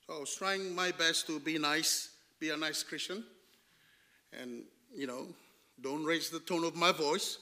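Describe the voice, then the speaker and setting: A man with a high, very bright and ringing voice preaches a storytelling sermon. He swings between hushed, drawn-out lines and loud, emphatic bursts, and often asks his listeners rhetorical questions. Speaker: pastor.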